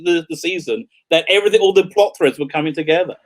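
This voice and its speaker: A man's voice: on the high side, fast. A man hosting an interview on a video call, an eager fan who stumbles and repeats words as he talks. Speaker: podcast host.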